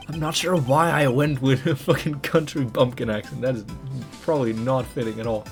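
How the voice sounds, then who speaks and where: A man commenting on a game he plays, loud and crude, with swearing asides. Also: mid-range voice, steady tone, brisk, few pauses. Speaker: let's play host. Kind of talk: let's play commentary. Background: game music.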